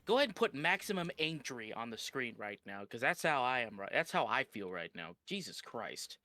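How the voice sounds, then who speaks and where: A man's voice: medium pitch, sing-song, moderate pace, pushed and bright, no echo. A man reacting live on a stream, ranting in a heated, profane way.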